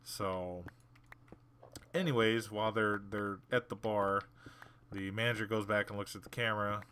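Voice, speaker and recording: Male gaming host, casual storyteller. Low-ish, forceful voice, blunt and sarcastic, acts out the people in his stories. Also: steady tone, normal speed, a little hiss or hum. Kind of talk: casual storytelling while playing a game.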